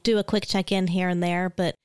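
A woman co-hosting a podcast, chatting casually in a relaxed, hedging way with fillers. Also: on the low side, fairly quick, clean tone, no room sound, clean studio sound. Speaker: podcast co-host. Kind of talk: casual chat.

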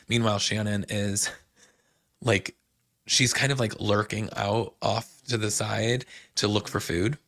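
A man's voice: lowish voice, steady tone, unhurried, fairly bright tone, no room sound, clean studio sound. A male podcast host in a casual recap chat, rambling with lots of "like"s and restarts. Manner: chatty, many "like"s and restarts.

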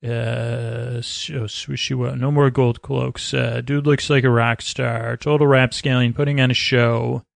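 A man hosting a sleep podcast, recapping a TV episode in a meandering, low-key way that trails off mid-sentence. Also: level tone, a little slow, vocal fry, few pauses, no echo. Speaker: podcast host.

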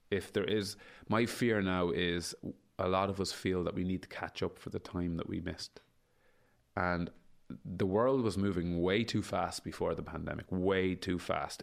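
This man in his forties has a low, gravelly voice. He's a guest in a casual interview, speaking emphatically, going over the same points again, and cursing without restraint.

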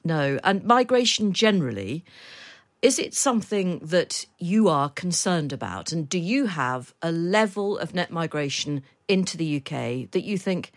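A woman's voice: fairly low pitch, lively intonation, a little slow. A woman hosting a podcast, interviewing a guest with dry, wry questions. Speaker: podcast host.

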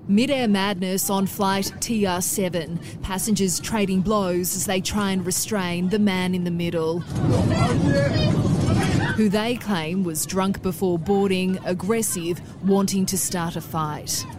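A woman TV news reporter delivering a news report in a crisp, dramatic newsreader style. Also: medium pitch, fairly even intonation, a little slow. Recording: news clip with noisy background.

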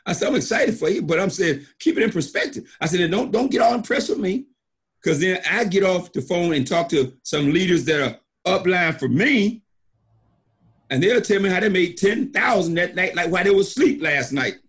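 A man's voice: sits high, lively intonation, normal speed, a bit bright, breathy edge. A middle-aged man, a network marketing leader, giving an emphatic motivational talk and acting out stories with repeated phrases. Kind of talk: motivational storytelling.

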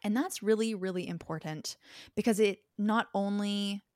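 A young woman, a podcast guest, talks things through in a thoughtful, reflective way and builds her points with examples. Her voice sits at a middle pitch and sounds dry and close to the mic. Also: normal speed, a little mellow, dry recording. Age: young adult.

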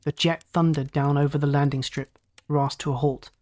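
A narrator reading a story aloud in a steady, dramatic way. The pace stays even, with pitch in the middle range for a reader. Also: moderate pace. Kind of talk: audiobook narration.

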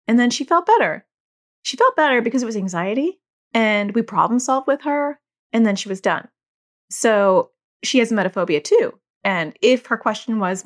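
A middle-aged woman hosts her own podcast in a relaxed, chatty way. She talks candidly and often slips into quick acted-out exchanges with her children, her voice sitting at an ordinary middle pitch. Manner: chatty, candid, acts out quoted dialogue with family. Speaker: podcast host and anxiety educator. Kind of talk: casual solo podcast talk.

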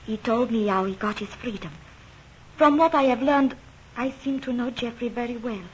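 A woman's voice: a little high, moderate pace, dull audio, slight background noise, lightly acted. An actress playing a refined, genteel young English lady in an old radio drama. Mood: probing. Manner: genteel, probing, composed.

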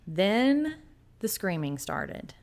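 A woman's voice: mid-range voice, sing-song, extremely slow, a little mellow. A woman podcast co-host telling a story dramatically in a casual chat, acting out the quotes.

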